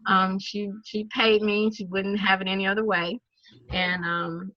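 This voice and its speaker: A woman with a Southern accent, an animated storyteller who laughs often and acts out what people said, talking casually to a group on a video call. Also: medium pitch, unhurried, no echo. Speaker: network marketing speaker. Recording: dull, dry lo-fi sound.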